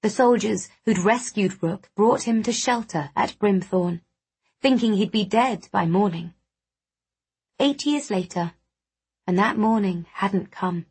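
A woman narrating a first-person audiobook in a measured storytelling manner. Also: medium pitch, darkish tone, slightly rough.

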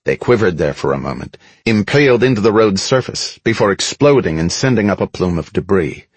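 A man narrates a first-person action story for an audiobook in a low, husky voice. His pitch swings widely with dramatic emphasis. The recording is close and dry. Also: expressive, brisk, no room sound.

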